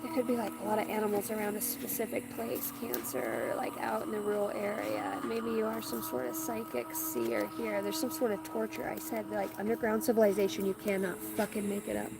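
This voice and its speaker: A woman's voice: medium pitch, expressive, brisk, vocal fry, few pauses. A woman giving a rambling live tarot reading outdoors on rural land, stopping to talk to her dogs. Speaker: tarot reader. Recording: loud outdoor background noise.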